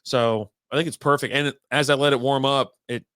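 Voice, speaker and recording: A man's voice: medium pitch, fairly even intonation, brisk, fairly bright tone, clear, resonant tone, dry recording. A man co-hosting a casual podcast, telling loose stories full of swearing and acting out other people's lines. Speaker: podcast co-host. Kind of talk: casual chat.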